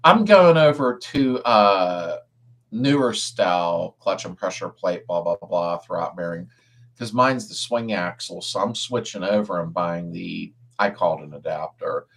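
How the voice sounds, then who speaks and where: A man's voice: sits low, animated, unhurried. A middle-aged man hosting a casual live-stream chat, reading viewer comments aloud and answering car repair questions in an easygoing way. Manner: laid-back, chuckles often, answers car questions.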